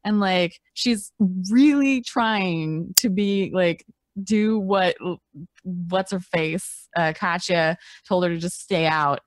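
A woman's voice: fairly low pitch, takes it slowly, no room sound, studio quality. A woman playing in a tabletop game, describing her character in a chatty, filler-heavy way. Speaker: player. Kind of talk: casual tabletop game chat.

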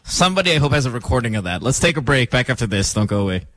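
A man hosting a morning radio show in a studio, talking casually in an animated, joking, playfully dramatic way. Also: mid-range voice, rapid-fire, very noisy. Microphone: studio microphone.

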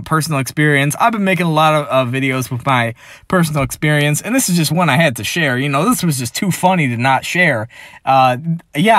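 A man with a fairly high voice rambles through a personal story, crude and profane, and leans constantly on filler phrases. The sound is dry and close, with no room echo. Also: a bit bright. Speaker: vlogger.

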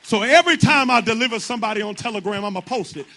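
A man's voice: high-pitched, lively intonation, fast, sharp tone. A man preaching a sermon to his congregation, impassioned and colloquial, driving his points home through repetition.

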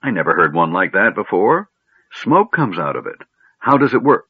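A man voicing a curious, cheeky male kender who talks in a bright, chatty, inquisitive way, recorded on a narrow phone-like line. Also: low-pitched, sing-song, normal speed, breathy edge, dry recording, full character voice.

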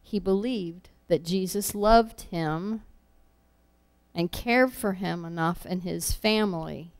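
A woman's voice: lowish voice, takes it slowly, darkish tone. A woman preaching a sermon, earnest and repeating key phrases for emphasis.

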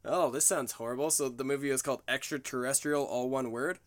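A man with an average-pitched voice chimes into a podcast conversation with wry quips, often laughing. He asks short follow-up questions in a loose, casual way. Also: fairly even intonation, a little fast.

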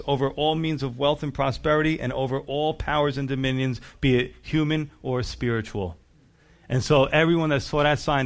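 A man preaching a sermon, reading scripture aloud and acting out the voices of the people in it with emphatic, rising questions. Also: medium pitch. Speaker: pastor.

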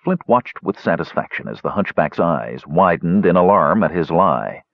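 A man reading an audiobook in steady, measured scripted narration. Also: deep voice, creaky, no echo, lo-fi sound.

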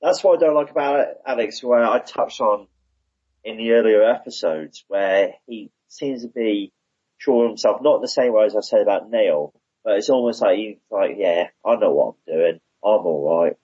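Husky, low-voiced man. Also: moderate pace, dark tone, no echo, dull audio. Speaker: podcast co-host. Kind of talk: casual podcast chat about a TV show.

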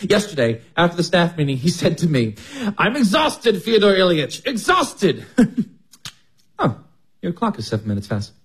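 An actor playing a fussy, cheerful, self-pleased middle-aged schoolteacher in a radio drama. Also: male voice, sits high, huge pitch swings, moderate pace, pauses often, husky, heavily acted. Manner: chatty and fond of his own sayings.

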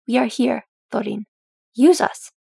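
A woman's voice: on the high side, little pitch movement, normal speed, vocal fry, husky, no room sound. A woman voicing a stern, loving old male dwarf lord who speaks to his son in a firm, commanding way.

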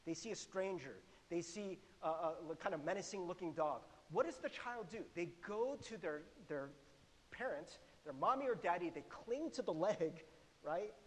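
Animated preacher in a reverberant hall. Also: male voice, sits high, normal speed. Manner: conversational, animated, laughs often, asks the congregation questions. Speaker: pastor. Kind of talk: sermon.

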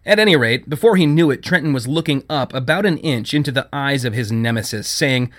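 A man narrating a story as an audiobook, with expressive storytelling. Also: mid-range voice, fairly quick, hardly any pauses.

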